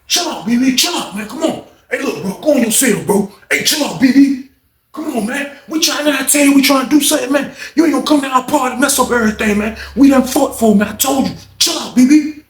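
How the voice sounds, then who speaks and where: A man voicing a weary male inmate who coaxes and pleads with a friend to calm down. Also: very high-pitched, quick pace, roomy sound, distant mic, pitched above the performer's own voice. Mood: coaxing. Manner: coaxing, pleading.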